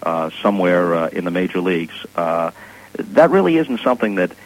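A man's voice: low-pitched, sing-song, brisk, low-quality recording. A middle-aged man, a sportscaster guest, telling stories and giving opinions in a casual, articulate way with dry humor, heard over a radio broadcast. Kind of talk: casual interview chat.

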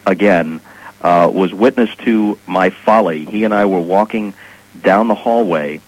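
Man, middle-aged, very low voice, articulate storyteller, dry humor, radio broadcast. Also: unhurried, low-quality recording. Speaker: guest sportscaster. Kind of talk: casual interview chat.

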